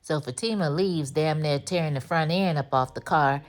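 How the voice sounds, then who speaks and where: A low-pitched woman at normal speed gives a casual, sassy recap of a TV episode. As a chatty recap host, she acts out the characters' lines.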